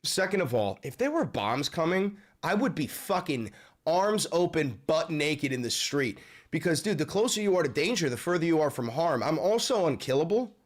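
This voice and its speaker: A man hosting a live stream and reacting to the news, swinging between yelling, profane outbursts and low muttering. He swears constantly. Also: very animated, normal speed. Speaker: livestream host reacting to news.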